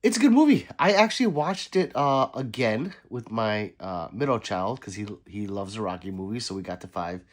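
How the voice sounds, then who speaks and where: A middle-aged man hosts a relaxed livestream, reading comments from the chat and answering them one by one. His voice swings up and down in pitch, and a dry, sarcastic humor runs under it. He sounds a little run down from being sick. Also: moderate pace, hardly any pauses. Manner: reads viewer comments aloud, laughs, sarcastic asides.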